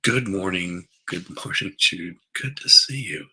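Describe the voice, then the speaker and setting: A man's voice: sits low, animated, measured pace, sharp tone, breathy edge, poor audio. A groggy man hosting a casual morning livestream from his basement on a headset, rambling, repeating words and greeting viewers by name. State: groggy after a late night. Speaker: livestream host. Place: basement room at home.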